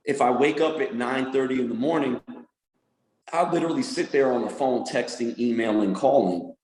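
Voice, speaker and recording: A man talking as a podcast guest, an animated storyteller who does voices and laughs often in casual interview chat. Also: medium pitch, moderate pace, echoey room, low-quality recording. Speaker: podcast guest, music producer and manager.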